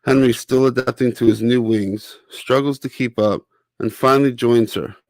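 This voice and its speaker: A man reading his own children's picture book aloud as narrator, with a steady, clear delivery. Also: mid-range voice, normal speed, no echo. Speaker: author and narrator.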